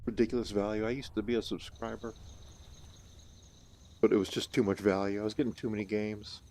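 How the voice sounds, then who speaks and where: Low-voiced man rambling over gameplay. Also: level tone, brisk, a little mellow, a little hiss or hum. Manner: rambling, offhand, occasionally swearing. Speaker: live streamer playing a VR game. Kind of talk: casual gameplay commentary.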